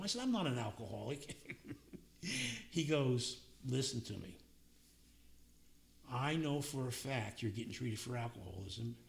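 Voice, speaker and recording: With a creaky, medium-pitched voice, this older man tells a meeting about his recovery in simple, casual words, voicing the characters he describes. A little hiss or hum sits under the recording.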